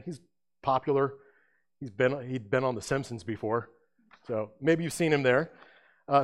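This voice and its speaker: Male speaker, mid voice, lively lecture-style sermon, chatty, quizzes the audience. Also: medium pitch. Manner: lively, conversational, asks the audience questions. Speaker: speaker presenting apologetics.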